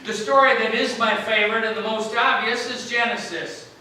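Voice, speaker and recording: A male pastor with a high, very bright and forceful voice delivers a sermon, chatting and joking with the congregation and quizzing them as he goes. He sounds far from the mic, and his words ring around a very echoey church. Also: fairly even intonation, moderate pace, a little hiss or hum. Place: church sanctuary.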